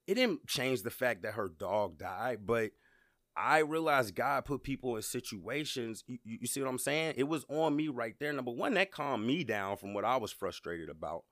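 Man, podcast host, casual storytelling, animated pitch, repeats words. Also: dry recording, clean studio sound. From Georgia, USA. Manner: conversational, repeats words, addresses listeners directly.

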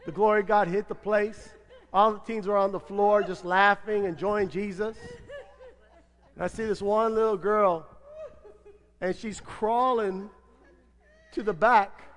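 A man preaching as pastor in a church, playful and laughing, acting out people's excuses in a lively sermon. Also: high voice, unhurried, pauses often. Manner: playful, acts out congregants' excuses, frequent laughter. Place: church sanctuary.

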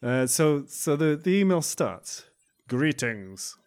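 A man's voice: mid-range voice, moderate pace. A man co-hosting a podcast in casual chat, with dry, understated banter. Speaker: podcast co-host.

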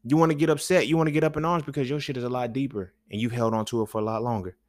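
A man's voice: mid-range voice, fairly even intonation, rapid-fire, a little mellow, dry recording, studio quality. A man hosting a podcast, talking in a loose, rambling, profane monologue full of slang, often asking "you feel me". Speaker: podcast host. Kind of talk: casual monologue.

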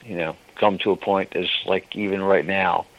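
A man hosting a devotional radio ministry, speaking in a slow, tender, pleading way. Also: deep voice, steady tone, gravelly. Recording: dull lo-fi radio broadcast.

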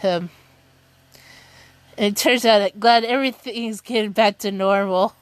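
A woman's voice: medium pitch, steady tone, measured pace, dry recording. A woman casually recapping a TV episode, rambling and giggly, who often breaks into laughter. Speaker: TV show recap vlogger.

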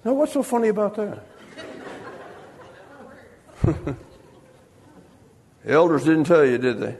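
A man's voice: fairly high pitch, sing-song, takes it slowly, darkish tone, long reverb tail, a faint crowd, a little hiss or hum. A man preaching a sermon, telling humorous stories and acting out the voices of the people in them. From United States. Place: church sanctuary.

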